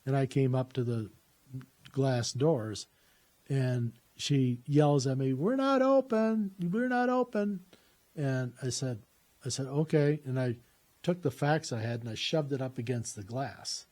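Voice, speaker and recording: A man's voice: medium pitch, steady tone, measured pace, dark tone. A man telling a personal story in a casual, rambling way, with lots of "uh" fillers and restarts.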